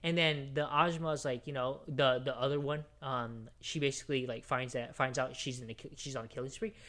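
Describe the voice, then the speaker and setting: Excitable, foul-mouthed male podcast co-host. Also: medium pitch, a little fast. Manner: excitable, profane storyteller with many fillers; jumps between hushed recap and loud outbursts. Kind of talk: casual chat, retelling a movie plot.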